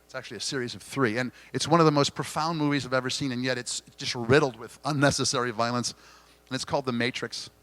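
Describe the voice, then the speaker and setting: A middle-aged man giving an inspirational keynote talk at a conference, earnest and gently confessional, with dramatic pauses. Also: medium pitch, fairly even intonation, no echo. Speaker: keynote speaker. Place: conference hall stage.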